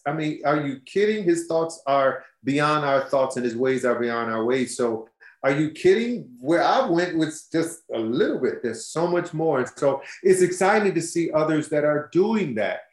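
A man's voice: on the high side, measured pace. A man near sixty, a singer being interviewed, telling stories expressively and acting out what people said, laughing as he goes. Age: 50s. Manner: expressive, laughing storyteller who acts out quotes. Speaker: guest singer. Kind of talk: animated storytelling interview. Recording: roomy echo.

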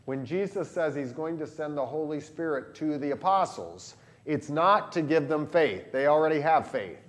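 A pastor with a Southern Illinois accent, leading a lively catechism lesson for children and adults and quizzing the class. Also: male voice, on the high side, moderate pace. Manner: animated, asks the class questions.

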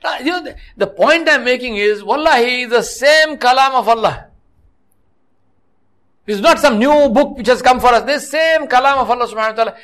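A man's voice: very high voice, fairly quick, fairly bright tone. A middle-aged man preaching a sermon, telling stories with restarts and scolding his listeners with rhetorical questions. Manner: storytelling with frequent restarts. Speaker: mosque preacher.

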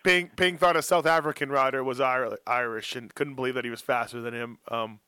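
A man hosting a casual podcast chat, telling animated stories and teasing his co-hosts. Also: medium pitch, a little fast, clear, resonant tone, no echo. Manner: animated storyteller who teases his co-hosts. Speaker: podcast host.

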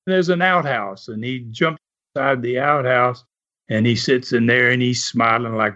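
An older man from the American South, once a wrestler, tells stories in an easygoing drawl, chuckling and saying "uh" a lot. His voice is medium-pitched with a sharp tone, at normal speed, captured on dull lo-fi audio.

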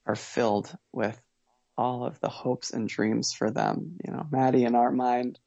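A man telling his family's story as a podcast guest, earnest and measured, pausing and restarting as he reflects. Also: medium pitch, steady tone, gravelly, dark tone, no room sound, dull audio. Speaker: guest, father.

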